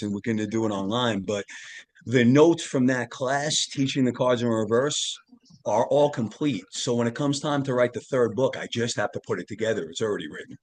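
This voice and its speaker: Middle-aged male guest, earnest storyteller, mid-pitched voice, casual interview. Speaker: podcast guest, tarot reader and author.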